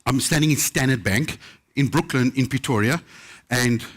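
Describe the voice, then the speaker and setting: A middle-aged chef from South Africa spins funny anecdotes for a festival crowd, his voice sitting at an ordinary middle pitch. He talks in a lively, humorous way and often slips into other people's voices for the quotes. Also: moderate pace. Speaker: chef telling stories at a book festival. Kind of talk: live anecdotal storytelling to an audience.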